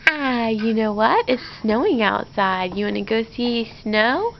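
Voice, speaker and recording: A woman coaxing a toddler in slow, sing-song baby talk at home. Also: on the high side, lively intonation, vocal fry, slight background noise. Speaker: parent talking to a toddler. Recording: dull lo-fi home video.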